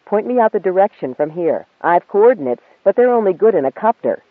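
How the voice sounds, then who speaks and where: A frantic young captain, pushing and urgent, his voice lifted a little high. Voiced by a man reading an audiobook, it comes through a thin, phone-like line. The room around it is dry and close. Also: big pitch swings, brisk, dry recording. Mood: pleading. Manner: urgent, agitated pleading. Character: desperate young male captain, pleading.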